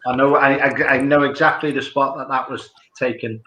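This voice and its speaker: A man's voice: medium pitch, fairly even intonation, fairly quick, pushed and bright, muffled recording. A man in casual chat about paranormal sites, rambling and adding detail after detail. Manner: rambling, piles on "as well". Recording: echoey room sound.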